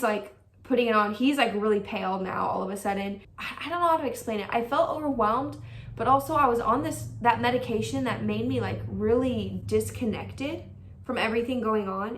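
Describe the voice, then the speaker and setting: A woman's voice: on the high side, vocal fry, echoey room, distant mic. A young woman vlogger telling a personal story in a casual, chatty way, full of "like" fillers and acted-out quotes. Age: young adult.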